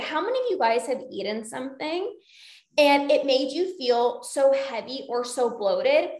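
A woman's voice: sits high, big pitch swings, unhurried, a little mellow. A woman coaching casually on a podcast, chatty and often checking in with "right?" and "like". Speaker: binge eating coach and podcast host. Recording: roomy echo.

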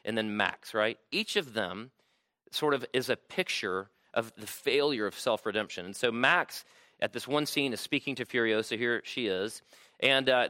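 A man's voice: mid-range voice, sharp tone, no room sound. A man preaching a sermon to a room, conversational and checking in with "right?" often. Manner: conversational, frequent "right?" tags. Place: room with audience.

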